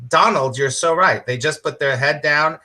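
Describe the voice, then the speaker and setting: A man's voice: a little high, normal speed, bright, forceful tone. A middle-aged man, a spiritual teacher, teaching on a live stream with enthusiasm, repeating his points and quizzing viewers by name.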